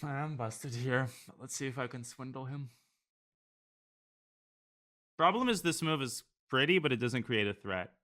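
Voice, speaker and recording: A man's voice: medium pitch, lively intonation, measured pace, long pauses, pushed and bright. A man streaming online blitz chess, thinking aloud about his moves in a casual, joking way. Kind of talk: live commentary while playing online blitz.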